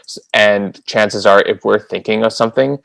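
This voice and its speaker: A man's voice: fairly low pitch, normal speed, gravelly, a bit bright, no room sound, rough recording. A man co-hosting a podcast in casual chat, earnest and reflective with playful teasing. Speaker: podcast co-host.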